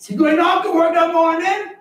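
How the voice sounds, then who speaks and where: A man preaching a sermon as pastor, animated and storytelling, sometimes shouting. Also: very high voice, normal speed, a little hiss or hum. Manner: animated, shouting at times, storytelling with acted dialogue. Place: church. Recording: echoey church hall, mic at a distance. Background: congregation answering.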